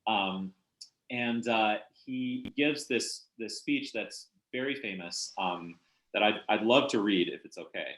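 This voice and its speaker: A man with a lowish voice talks over a book in a relaxed conversation. He is thoughtful and halting, full of ums and restarts. His voice rings in an echoey room. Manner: hesitant, thoughtful, many fillers and restarts. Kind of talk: casual literary discussion.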